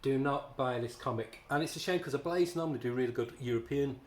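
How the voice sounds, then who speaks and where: A man's voice: medium pitch, quick pace. A man giving a casual spoken comic book review, ranting in a sarcastic, exasperated way. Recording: echoey room.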